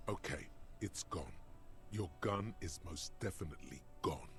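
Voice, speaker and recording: A man's voice: low-pitched, animated, measured pace, gravelly, fairly bright tone, faint music behind, exaggerated voice. A man voicing the blunt, commanding inner voice of a detective's mind in a video game. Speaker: game narrator.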